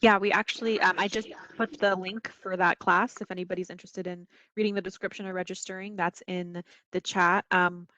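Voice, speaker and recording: A woman moderator hosting a webinar in a relaxed way and reading questions from the chat. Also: lowish voice, fairly quick, few pauses. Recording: dull lo-fi webinar audio.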